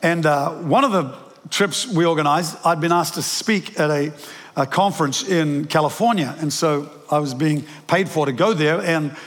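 A man's voice: on the high side, normal speed, a bit bright. An older man with a New Zealand accent preaching a sermon, telling stories with lots of restarts and self-deprecating asides. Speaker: pastor. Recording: preached in a large reverberant hall.

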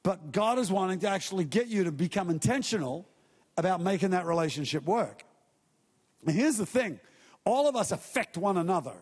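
High-voiced preacher in a reverberant hall. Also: male voice, lively intonation, a little fast, slightly rough. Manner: conversational preaching with acted-out quotes and asides. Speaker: pastor. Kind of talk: sermon.

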